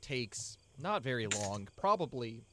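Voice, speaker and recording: A man's voice: medium pitch, sing-song, measured pace, over a noisy crowd. A man narrating as game master of a tabletop game, loose and rambling.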